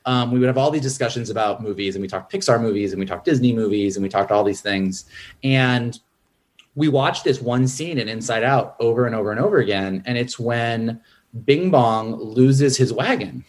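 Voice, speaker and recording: A man in casual film talk, a screenwriter who acts out character lines in a raised, lively voice. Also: moderate pace. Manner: animated, acts out character quotes in a higher voice. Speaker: screenwriter and podcast guest.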